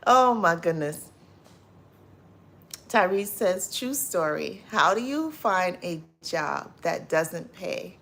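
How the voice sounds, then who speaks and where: A woman hosts a casual livestream, greeting viewers and reading out their comments. Her voice sits a little low and she talks at an unhurried pace. She breaks into loud laughter often and repeats her phrases. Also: animated, a little hiss or hum. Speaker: livestream host.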